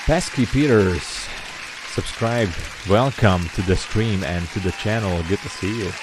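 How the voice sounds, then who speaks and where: A man's voice: low voice, moderate pace, crowd noise, background noise. A man hosting a live day-trading stream, chatting casually with viewers and greeting them by name. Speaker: livestream host and day trader. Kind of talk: casual livestream chat.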